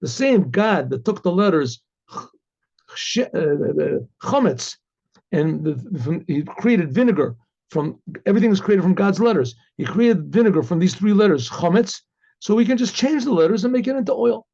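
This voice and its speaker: A man teaching a Hasidic discourse as a rabbi, telling a story with lively acted dialogue and dropping in Yiddish phrases. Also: high voice, moderate pace, creaky, dull audio. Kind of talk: informal Torah lecture with story.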